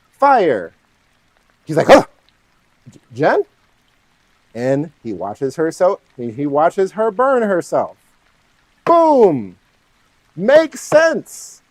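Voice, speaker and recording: A man's voice: fairly high pitch, darkish tone, no room sound, poor audio. Rambling man recapping a film. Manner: rambling, full of "like" and "right?". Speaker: study vlogger. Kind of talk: casual retelling of a film plot.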